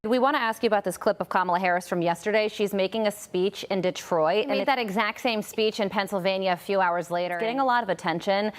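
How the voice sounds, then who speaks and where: A woman news anchor sets up a clip in a brisk, matter-of-fact way. She speaks quickly and plainly. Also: mid-range voice. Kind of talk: news show segment.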